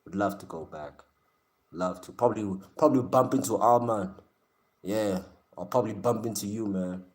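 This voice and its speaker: A South African man hosts a live stream, reacting with chat and talking straight to his viewers in a slangy, joking way, laughing often. His voice is on the low side, a little mellow, at a moderate pace.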